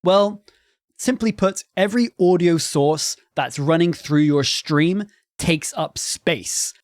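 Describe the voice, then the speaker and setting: A man hosting a tutorial on microphone quality for live streaming, explaining clearly and demonstrating his voice at different volumes. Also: on the high side, dry recording. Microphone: studio microphone with processing.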